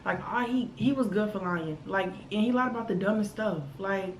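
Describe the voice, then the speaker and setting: Young woman doing a storytime on her phone, chatty n animated, roomy echo. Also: mid-range voice, normal speed, slight background noise. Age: 20s. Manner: animated, chatty, full of asides. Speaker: vlogger. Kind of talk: casual storytime. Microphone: phone camera.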